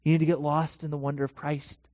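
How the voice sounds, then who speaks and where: A pastor delivering a dramatic sermon in a church, swinging from hushed to loud. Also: mid-range voice, little pitch movement, fast, no room sound, in a large hall.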